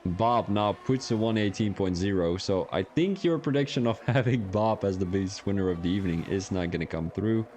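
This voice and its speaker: Young male streamer, casual race commentator bantering with chat, lower voice, faint background noise. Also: a little fast, hardly any pauses, darkish tone. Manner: casual, joking, chats with viewers while commentating. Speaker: sim racing stream commentator.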